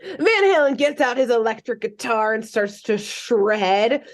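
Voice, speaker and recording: A young adult woman co-hosting a podcast, casually recapping a cartoon episode in an animated, chatty way and swearing freely. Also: on the high side, unhurried. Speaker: podcast co-host.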